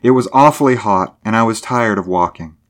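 A man voicing a headstrong young woman who speaks in a brisk, curt, commanding way. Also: fairly low pitch, pitched above the performer's own voice, lightly acted.

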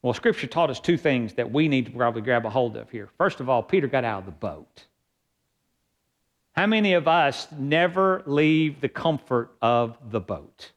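A man's voice: medium pitch, lively intonation, moderate pace. A man preaching a sermon as pastor, reading scripture aloud and building emphasis.

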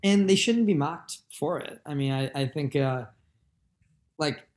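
A man's voice: a little high, measured pace. A man, a musician guest on a podcast, speaking openly and reflectively in a casual way, full of fillers. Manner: open, reflective, many filler likes. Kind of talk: candid conversational podcast talk.

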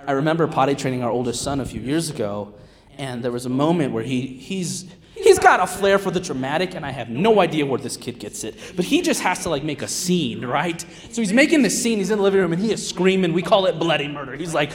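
A man in his thirties preaching a sermon as a guest pastor, conversational and animated, swinging from loud calls to hushed asides. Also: mid-range voice, brisk. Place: church sanctuary. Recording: long reverb of a large hall.

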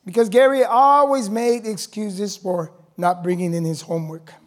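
A man preaching a sermon to his church, building to shouted calls and answered by the congregation. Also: high-pitched, steady tone, moderate pace. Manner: rising to shouted preaching, call-and-response with congregation. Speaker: pastor.

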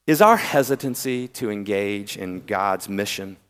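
A man with a Southern accent preaching a sermon, drawing out key words with pauses and swinging between loud emphasis and hushed tones. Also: fairly low pitch, lively intonation. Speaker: pastor. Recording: long hall reverb.

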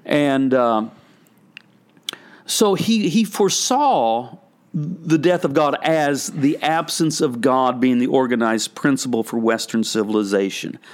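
A man's voice: medium pitch, a little slow. An older man, a pastor and author, talking in a casual, reflective way and rambling as he tells stories in a podcast conversation. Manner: reflective, rambling storyteller with frequent restarts.

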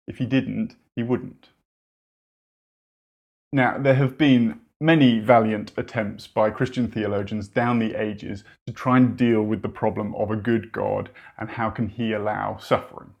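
Gravelly-voiced male preacher. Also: fairly low pitch, level tone, measured pace, darkish tone. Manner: earnest, conversational preaching with wry asides. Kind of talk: sermon.

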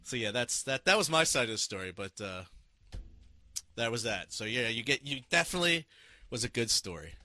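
A man casually telling a story and reading comments, animated and profane, with many restarts and laughs. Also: medium pitch, brisk, no echo.

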